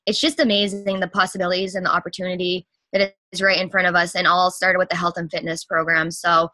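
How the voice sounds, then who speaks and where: Bright, gushing young woman coach. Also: on the low side, flat delivery, dry recording. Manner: gushing, rapid, breathless with enthusiasm. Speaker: fitness coach. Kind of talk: excited testimonial talk.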